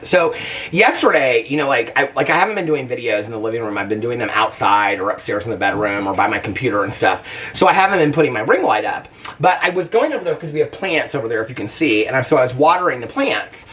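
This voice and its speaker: A man chats casually to his camera at home, full of fillers and quick laughs. His pitch swoops up and down expressively as he talks. He sits a little away from the microphone, so the sound is slightly distant. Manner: animated, chatty, lots of fillers and laughs. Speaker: vlogger. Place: at home, indoors.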